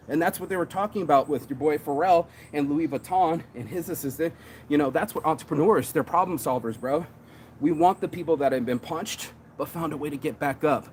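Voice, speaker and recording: A man's voice: on the high side, a little mellow, slight background noise. A man giving a casual motivational monologue about business, slangy and swearing often, hyping himself up. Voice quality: slangy street talk, says bro a lot. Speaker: entrepreneur and shirt designer.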